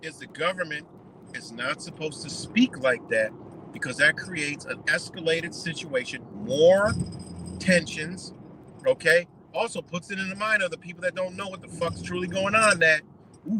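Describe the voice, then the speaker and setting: A man's voice: a little high, bright, forceful tone, a little hiss or hum, rough recording. A man on a live stream giving blunt, profane commentary, lecturing his audience in a loose, heated rant.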